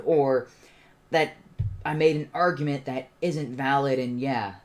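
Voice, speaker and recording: A man's voice: mid-range voice, fairly even intonation, unhurried. A man hosting a livestream, giving an impassioned, argumentative commentary monologue. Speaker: channel host.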